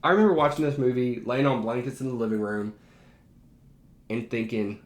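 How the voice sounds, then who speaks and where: A man with a mid-range voice and a brisk delivery, recorded with a roomy echo. He's a teacher and behavior analyst, ranking his favorite movies in a casual, enthusiastic, emphatic way.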